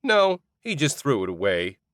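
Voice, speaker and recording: A man voicing a polite, smiling man who stays calm and dangerous. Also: medium pitch, moderate pace, no room sound, clean studio sound, voice pushed up.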